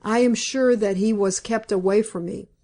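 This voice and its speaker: A woman's voice: mid-range voice, steady tone, normal speed, dark tone, close to an everyday voice. A woman reading the part of a distraught young woman in a storybook, pleading doggedly and insistently.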